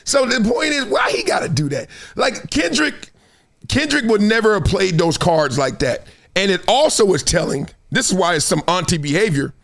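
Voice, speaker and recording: A middle-aged man hosting solo sports commentary, animated and fond of acting out quotes in other voices. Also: sits high, normal speed, vocal fry.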